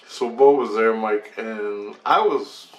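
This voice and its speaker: A man's voice: on the low side, slow. A man casually telling a personal story in a loose, rambling way, with swearing and asides. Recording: roomy echo, faint background hum.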